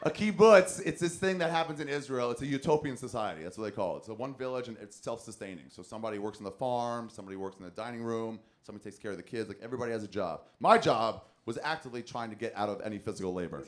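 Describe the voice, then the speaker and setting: A man's voice: mid-range voice, rapid-fire, hardly any pauses. A man doing stand-up comedy, telling a long, profane story on a club stage and acting out the voices of the people in it. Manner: profane, animated, acts out quotes.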